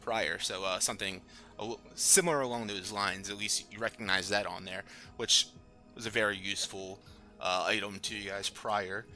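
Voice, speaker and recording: Man, game master, halting narration, fillers, bright tone, lower pitch. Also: steady tone, faint music behind.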